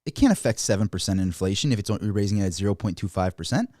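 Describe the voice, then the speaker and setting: Animated man giving market commentary. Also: racing, no room sound, clean studio sound. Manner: animated, mimics officials in high mocking voices. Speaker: finance commentator.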